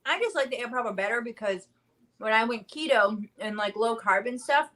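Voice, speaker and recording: Animated and a bit bright, her fairly high voice moves at a normal speed. She's in her thirties, hosting a casual live chat where she rambles and uses lots of fillers.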